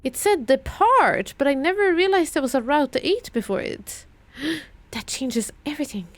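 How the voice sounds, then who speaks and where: A woman's voice: sits high, expressive, moderate pace, no echo. A young British woman streaming a puzzle game, muttering and thinking aloud as she repeats clues to herself.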